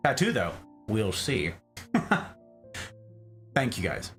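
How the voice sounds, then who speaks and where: A man's voice: fairly low pitch, huge pitch swings, extremely slow, fairly bright tone, faint music behind. A man hosting a live stream in casual chat, playfully greeting viewers and reading chat aloud. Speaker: streamer host.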